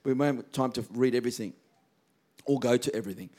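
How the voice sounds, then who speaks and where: A man preaching a sermon, slowing down and stressing key words. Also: mid-range voice, dark tone. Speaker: pastor.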